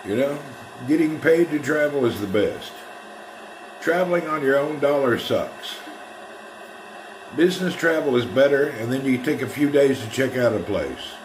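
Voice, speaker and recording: A man's voice: medium pitch, lively intonation, normal speed, noisy background. Laid-back man streaming live, roomy sound. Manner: laid-back, laughs often, chats with viewers. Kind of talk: casual live-stream chat. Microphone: streaming setup. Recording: roomy echo.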